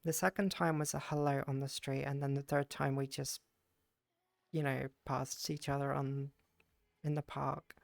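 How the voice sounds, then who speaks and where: Soft-spoken posh British woman streamer, gravelly edge, dry close sound. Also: a bass voice, little pitch movement, normal speed, dry recording. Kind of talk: casual stream chat.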